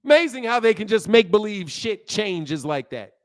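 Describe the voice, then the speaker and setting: A man's voice: sits high, big pitch swings, moderate pace. Heated slangy man lecturing on stream. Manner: heated, lecturing, loose slang, repeats himself. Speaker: livestream host. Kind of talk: casual livestream talk, answering chat.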